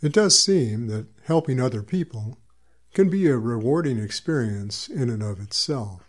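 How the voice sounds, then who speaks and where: A man hosting a podcast and wrapping up the episode with an expressive delivery. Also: medium pitch, moderate pace. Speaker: podcast host. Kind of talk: podcast outro.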